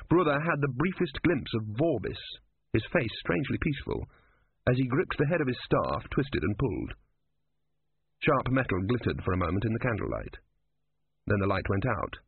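A man narrating a story in a measured, even storytelling voice, recorded with a dry, phone-like sound. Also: medium pitch, gravelly, breathy edge, no room sound. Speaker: audiobook narrator. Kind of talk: scripted narration.

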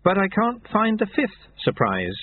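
A man's voice: sits high, wildly swooping pitch, measured pace, slight background noise, pitched above the performer's own voice, full character voice. A man doing a flustered young novice monk. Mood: eager. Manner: eager, flustered questioning. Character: anxious earnest young male novice monk. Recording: tinny phone-like audio.

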